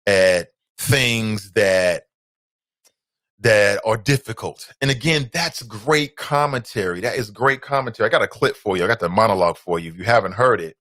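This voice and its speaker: A man hosting his own talk show, delivering a casual, emphatic monologue full of asides that breaks into loud, high-pitched outbursts. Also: no room sound, studio quality. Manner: conversational asides and fillers.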